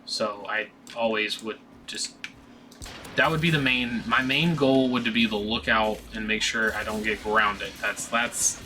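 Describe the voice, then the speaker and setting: A man's voice: fairly low pitch, fairly even intonation, unhurried, sharp tone, a little hiss or hum. A young man rambling through a casual storytime, swearing freely and restarting his sentences often. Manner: rambling, profane, with many restarts and fillers. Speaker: vlogger.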